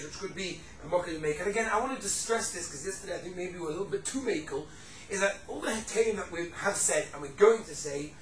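Brief: quick, animated male teacher, bright tense voice, acts out examples, room echo from a distance. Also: high-pitched. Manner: animated, acts out quoted speakers, sprinkles Yiddish and Hebrew terms. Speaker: Torah teacher. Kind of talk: casual halacha class.

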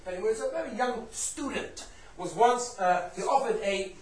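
A man giving a Torah class, telling stories in an animated way, sprinkling in Yiddish and Hebrew terms and bursting into loud emphasis. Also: high-pitched, normal speed. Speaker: Torah teacher. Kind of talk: lively storytelling Torah class. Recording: roomy echo, distant mic.

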